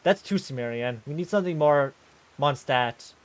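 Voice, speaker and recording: A man streaming live, talking casually and ranting excitedly in bursts while reacting on screen. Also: on the high side, normal speed.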